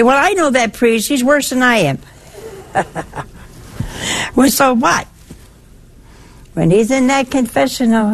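An older woman preaches in an easy, conversational way. Her voice is husky and a little breathy. It swings up high and drops low as she makes her points. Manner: lively, conversational, with wide swings in pitch. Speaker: religious speaker. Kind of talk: sermon-style talk.

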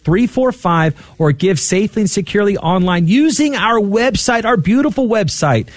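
A man co-hosting a radio fundraiser, talking fast and excitedly as he urges listeners to call in. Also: sits high, no room sound. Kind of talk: on-air fundraising appeal.

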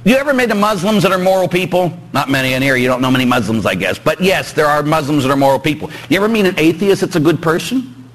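A man's voice: quick pace, poor audio. A man with a Pittsburgh accent, a priest preaching a joking, emphatic sermon to his congregation in a church. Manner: animated, joking with congregation, rising emphatic pitch.

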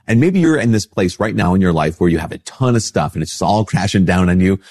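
A middle-aged priest hosting a casual spiritual talk, stuffy-nosed from a cold, chatting easily and acting out little dialogues. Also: male voice, lively intonation, fast talker, hardly any pauses, a little mellow. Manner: conversational, acts out little dialogues with rising pitch. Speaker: priest and show host.

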